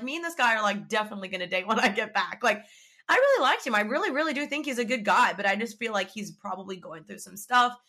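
Bright-voiced young woman telling a story. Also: medium pitch. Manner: chatty, animated, lots of "like" and acted-out quotes. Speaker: vlogger. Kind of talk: casual storytelling.

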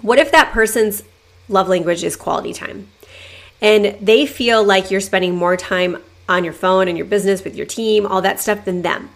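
A woman hosting a podcast, talking casually and acting out her own thoughts in hushed asides. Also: medium pitch, normal speed, creaky. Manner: chatty, lots of "like", acts out inner voices in whispers. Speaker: podcast host. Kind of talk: casual motivational monologue.

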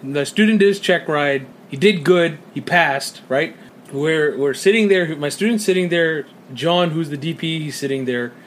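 A young American man co-hosting a casual podcast, telling a story in an animated way, swearing often and acting out what people said. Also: on the high side, normal speed, slight background noise. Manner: animated storyteller, swears a lot, acts out quotes. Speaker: podcast co-host.

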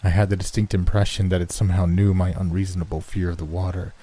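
A man narrating a first-person horror story in a measured, somber way. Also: deep voice, level tone, mellow, rough recording.

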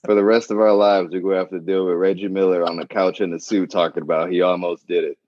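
A man with a very low voice on a casual podcast, talking fast and making blunt jabs. His sound is slightly dull and dry, without much detail. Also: level tone, darkish tone, dry recording. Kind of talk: casual chat.

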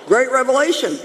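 Lady pastor preaching, high voice, funny and lively, big echoey church hall. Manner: lively, humorous, calls out to the congregation. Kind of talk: sermon. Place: church sanctuary.

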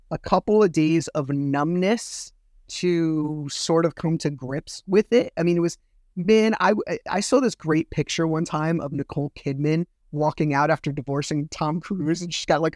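A middle-aged man hosting a podcast, telling a personal story in a bitter, rambling way, swearing often and filling pauses with fillers. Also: on the high side, steady tone, darkish tone, no echo, studio quality. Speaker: podcast host. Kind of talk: casual solo storytelling.

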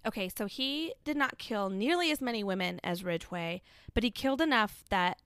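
A woman's voice: mid-range voice, animated, normal speed, fairly bright tone, smooth, no room sound, clean studio sound. A woman co-hosting a podcast in casual chat, playful and teasing, a bit out of breath. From Kansas City area, USA. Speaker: podcast co-host.

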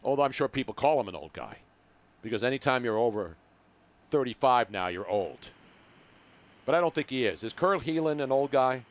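A man's voice: medium pitch, expressive, normal speed, long pauses. An older man hosting a sports radio show, chatting casually with a joking, teasing manner. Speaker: radio host.

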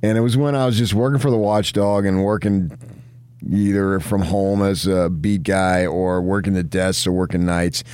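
Deep-voiced middle-aged man telling stories. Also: fairly even intonation, normal speed, a little mellow, smooth, dry recording. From New Jersey. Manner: rambling anecdotal storytelling. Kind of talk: casual chat.

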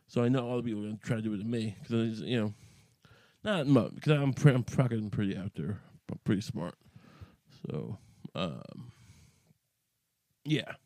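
A man's voice: fairly low pitch, lively intonation, moderate pace, pauses often, a little mellow, no room sound. A man hosting a podcast, talking in a rambling, profane monologue full of restarts and asides. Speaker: podcast host.

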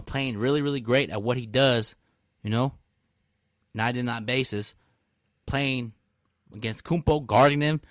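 A man hosting a casual live-stream podcast, talking trash with brash, animated energy and frequent laughs. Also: mid-range voice, dry recording, studio quality. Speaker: podcast host.

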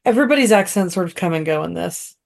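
A woman's voice: lowish voice, expressive, fast talker, vocal fry. A woman co-hosting a podcast, making dry, wry asides during a movie recap. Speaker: podcast co-host. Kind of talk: casual movie-recap chat.

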